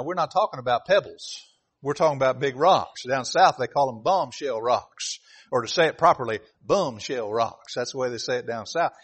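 A man preaching a sermon, emphatic and repeating key phrases as he reads scripture aloud. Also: a little high.

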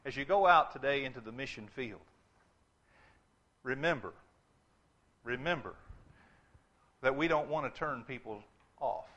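A man's voice: medium pitch, expressive, a little slow, pauses often, pushed and bright. A man preaching a sermon in a church, emphatic, often repeating words and restarting as he stresses a point. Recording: dull lo-fi sermon recording.

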